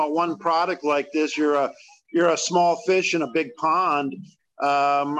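Chatty guy hosting an interview, kinda higher voice, lots of uhs. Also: fairly bright tone, rough recording. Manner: chatty, folksy questions with fillers. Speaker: interview host. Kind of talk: casual interview.

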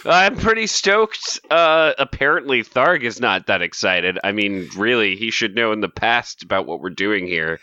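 Man, low pitch, crisp voice, tipsy giggly teasing, swears, dry muffled mic. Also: lively intonation, normal speed, hardly any pauses, sharp tone, dry recording. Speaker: podcast co-host. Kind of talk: casual podcast chat.

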